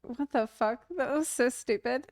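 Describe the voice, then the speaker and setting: A woman's voice: high-pitched, a little mellow. Giggly woman chatting on a stream. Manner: giggly, chatty, reads chat aloud. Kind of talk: casual livestream chat.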